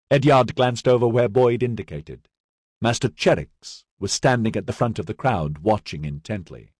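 Expressive male audiobook narrator. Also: on the low side, slightly rough, no room sound, clean studio sound. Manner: expressive, measured reading. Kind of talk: scripted narration.

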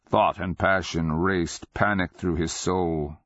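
A man narrating a dark fantasy story in a measured, deliberate way. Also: low voice, fairly even intonation, no echo. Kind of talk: dramatic fantasy audiobook narration. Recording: dull lo-fi dry recording.

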